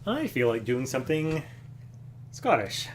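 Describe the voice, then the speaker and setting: A man hosting a music livestream from home, casually explaining a song between numbers, relaxed and rambling with fillers. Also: medium pitch, measured pace. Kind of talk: casual chat between songs. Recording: guitar playing loudly behind.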